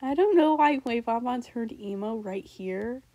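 A young woman reacting to her old raps in a casual, rambling way, switching between loud outbursts and mumbled asides. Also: fairly high pitch, animated, unhurried, no room sound, low-quality recording.

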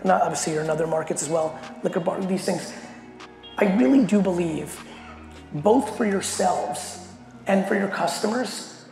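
A middle-aged man giving a blunt, animated keynote to a company audience and swearing constantly as he tells a story. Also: a little high, gravelly. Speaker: keynote speaker. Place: large hall at a company event. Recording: echoey hall with faint music.

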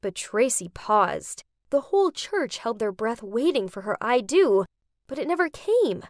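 A young woman narrating an animated story in the first person, dramatic and expressive. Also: fairly high pitch, normal speed, no echo, studio quality.

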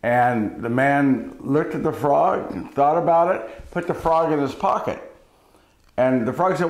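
Man, preacher, daily reflection, folksy storyteller, slightly high voice, roomy echo. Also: a little slow.

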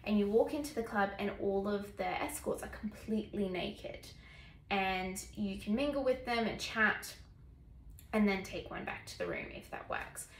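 A woman's voice: medium pitch, normal speed, slight background noise. A woman vlogger telling a personal story in a casual, chatty way, full of "like" fillers. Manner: chatty, filler-heavy, lots of "like". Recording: echoey room.

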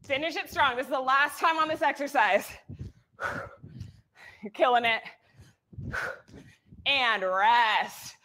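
A woman's voice: high-pitched, slow, long pauses, pushed and bright. A young woman leading a live workout, cheering people on with whoops and short cues, audibly out of breath. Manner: upbeat, encouraging cues with whoops. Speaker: fitness instructor.

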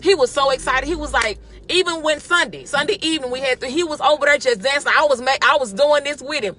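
A woman giving a lively, exhorting devotional while driving, recorded on a phone in her car. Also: high voice, fast talker. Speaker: church member giving a devotional. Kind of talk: casual spoken devotional.

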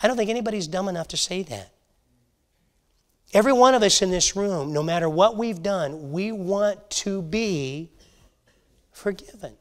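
Guy with a high voice teaching sunday school in church, earnest, keeps restarting. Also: animated. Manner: earnest, halting with frequent restarts. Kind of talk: Bible lesson to a church class. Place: church classroom.

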